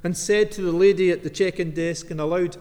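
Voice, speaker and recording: A man preaching a sermon as minister, telling a story with dramatic pauses. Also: high voice, fairly even intonation, a little mellow. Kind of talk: sermon with Bible reading. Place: church. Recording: long reverb of a church.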